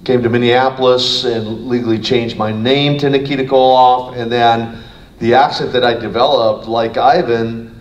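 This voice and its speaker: A man's voice: medium pitch, fairly even intonation, normal speed, highs cut off. A man, a former wrestler, talking casually in an interview, rambling with many restarts. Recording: roomy, distant mic, faint noise.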